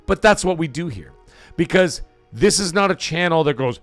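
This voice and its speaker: Animated, cursing stream host man. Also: on the high side, a little fast, no echo, faint music behind. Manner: profane, rambling, animated. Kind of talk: casual live stream chat.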